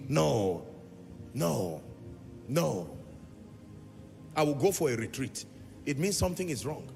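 A man's voice: sits high, gravelly. A man preaching a sermon in a large church hall, pressing his point with repeated phrases and sometimes half-singing his lines. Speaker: pastor.

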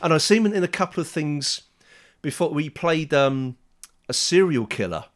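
A man's voice: a little high, lively intonation, normal speed. A man chatting casually, rambling with many restarts and fillers as he recommends an old sitcom. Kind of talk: casual chat.

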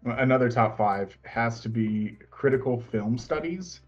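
A man's voice: medium pitch, measured pace, muffled recording, faint music behind. A man casually chatting about a favorite TV show, rambling and laughing often as he retells scenes. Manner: rambling, laughs often, breaks into quoted voices.

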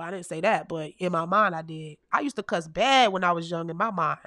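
A woman in her thirties telling comic stories to her audience in a casual, animated, heavily profane way, laughing often as a podcast host. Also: on the low side, a little fast, few pauses, no echo, clean studio sound. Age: 30s. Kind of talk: casual comedic storytelling.

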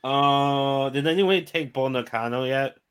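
A man's voice: medium pitch, unhurried, clear, resonant tone. A man in a casual group chat over a voice call, swearing freely and laughing mid-sentence.

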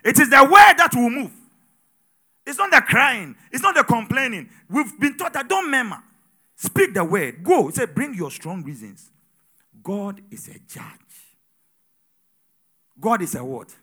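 Lively high-voiced male preacher. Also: measured pace, pauses often, breathy edge. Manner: call-and-response preaching, swings from loud exhortation to low asides. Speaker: pastor. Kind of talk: sermon.

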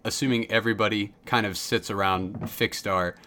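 Man, game master, low voice, relaxed measured narration.

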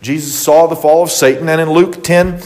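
A man leads a Bible study, reading verses and then explaining them in a relaxed way full of restarts and fillers. His voice sits a little high for a man. The sound carries a long reverb from a church hall. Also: normal speed. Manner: conversational, many fillers and restarts. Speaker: Bible teacher.

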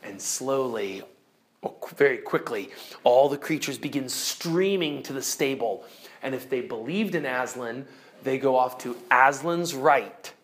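Animated woman telling a story to a class. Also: measured pace. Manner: animated, swinging from bright exclaims to hushed low drama. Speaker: teacher.

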